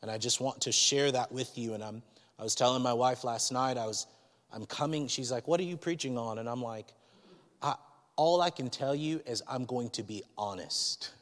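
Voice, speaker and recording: A man's voice: mid-range voice, normal speed, a bit bright, long reverb tail. A man preaching a sermon as a pastor, speaking in a candid, conversational and personal way.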